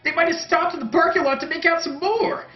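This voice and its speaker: Casting: high, breathless eager dude, voiced by a man, echoey room. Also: a little fast. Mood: excited. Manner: breathless and excited. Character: excitable eager young male blogger. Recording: roomy, dull sound, faint music.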